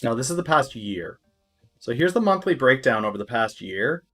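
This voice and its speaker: A man doing live-stream stock market commentary, thinking aloud with lots of fillers and breaking into loud, exaggerated alarm and crude jokes. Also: medium pitch, very animated, moderate pace, soft background music. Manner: crude joking asides.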